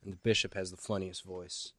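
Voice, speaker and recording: A man's voice: low-pitched, little pitch movement, a little fast, bright, forceful tone. A man on a podcast, chatting casually as a goofy, rambling jokester. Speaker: podcast co-host. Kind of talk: casual comedic chat.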